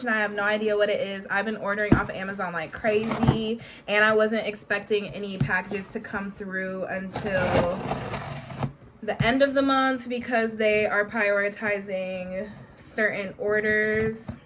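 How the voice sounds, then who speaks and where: Bubbly young woman vlogging from home, mid pitch, faint hiss behind, keeps saying honey. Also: steady tone, a little slow. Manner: bubbly, peppers talk with "honey" and "period". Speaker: beauty vlogger. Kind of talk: casual vlog chat.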